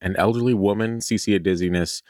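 A man co-hosting a podcast, reading listener stories aloud and joking around in casual chat, swearing and slipping into quick voices for bits. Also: lowish voice, steady tone, darkish tone, dry recording, studio quality. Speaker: podcast co-host.

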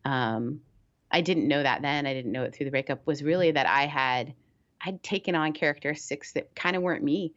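A woman with a low voice and an accent that blends British, Canadian and Southern US speech, talking candidly about her life as a pastor. She is animated and laughs easily. The recording is dry and slightly dull. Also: brisk, dry recording. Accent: mix of British, Canadian and Southern US. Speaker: United Methodist pastor, guest. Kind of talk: casual conversational interview.

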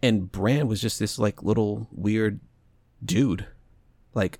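A man's voice: lowish voice, takes it slowly, a little mellow, no echo. A man casually talking over a TV show's plot as a podcast co-host, rambling and restarting as he mulls theories aloud. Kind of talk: casual TV recap chat.

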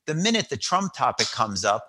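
A middle-aged man telling a story in a casual chat, animated, acting out quotes and often restarting his sentences. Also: medium pitch, moderate pace, breathy edge. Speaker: guest.

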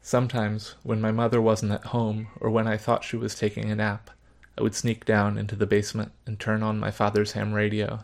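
A man narrating a story in the first person, measured, subdued and reflective. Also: lowish voice, completely flat delivery, creaky.

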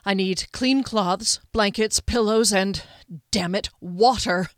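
A woman's voice: mid-range voice, fairly quick, no room sound, clean studio sound, natural voice. A woman voicing a young male captain giving urgent commands in a fantasy audiobook.

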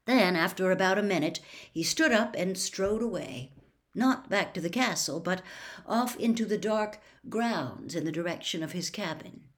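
A woman reading a storybook aloud as narrator, slow and measured. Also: fairly low pitch, animated.

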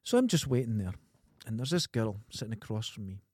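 A man's voice: fairly low pitch, a little fast, dry recording. A Scottish man co-hosting a podcast, telling stories in casual chat and acting out the people in them. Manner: animated, acts out people in his anecdotes. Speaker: podcast co-host.

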